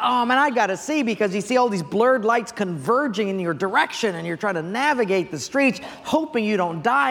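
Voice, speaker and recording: A man's voice: sits high, fairly bright tone, long reverb tail. A male pastor preaching a sermon, telling stories and asking the audience questions. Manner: storytelling, asks the audience questions.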